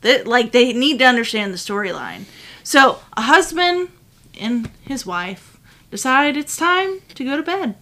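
A woman co-hosting a casual podcast, telling a story in an animated way and swearing freely. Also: fairly high pitch, unhurried. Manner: animated, swears freely, loud when retelling. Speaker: podcast co-host.

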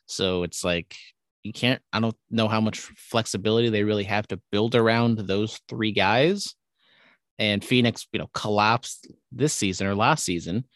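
A man's voice: lowish voice, moderate pace, fairly bright tone, no echo, clean studio sound. A young man co-hosting a casual podcast, rambling through sports opinions and teasing his co-host. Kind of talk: casual chat.

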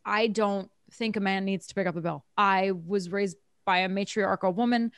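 A woman's voice: mid-range voice, steady tone, moderate pace, smooth, dry recording, studio quality. A woman in casual group conversation, talking animatedly, laughing often and acting out what others said.

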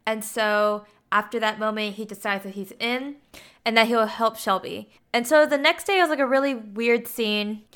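Woman, casual story recap, chatty fillers, bright voice, smooth clear tone. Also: fairly high pitch, normal speed. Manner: chatty, with frequent 'like' and 'you know'. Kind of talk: casual film plot retelling.

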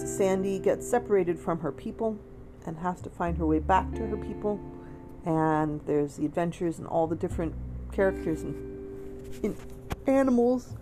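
A woman reading a children's story aloud in an expressive read-aloud manner. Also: mid-range voice. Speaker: storybook reader. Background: soft guitar music.

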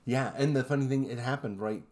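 A man co-hosting a podcast, telling eerie stories in a relaxed, rambling way with lots of fillers. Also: mid-range voice, fairly quick. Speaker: podcast co-host. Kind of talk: casual storytelling chat.

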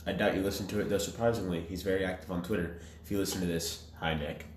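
A man co-hosting a podcast, ranting in profane casual banter that swings between loud outbursts and low mutters. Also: fairly even intonation, rapid-fire. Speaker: podcast co-host. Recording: echoey room with faint noise.

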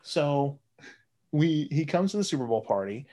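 A man's voice: on the high side, lively intonation, normal speed, warm tone. A man casually telling a long, profane story, jumping into raised voices when he quotes his friends. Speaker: guest storyteller.

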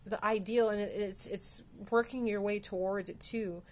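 A woman from Canada talks on her own podcast in a loose, candid way, often restarting and swearing freely. Her voice sits in a middle pitch range. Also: steady tone, moderate pace, few pauses, a little mellow. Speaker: podcast host. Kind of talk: casual solo podcast talk.

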